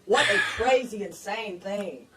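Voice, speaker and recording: A woman's voice: mid-range voice, slow. A woman chiming in bluntly during a casual vlog, shaken by an attack. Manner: blunt, emphatic interjections. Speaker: partner chiming in. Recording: distant voice under loud noise.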